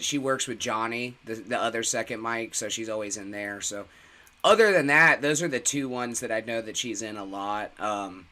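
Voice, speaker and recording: A man's voice: mid-range voice, pushed and bright. A man in casual, profane podcast chat, telling a story bluntly and with lots of swearing.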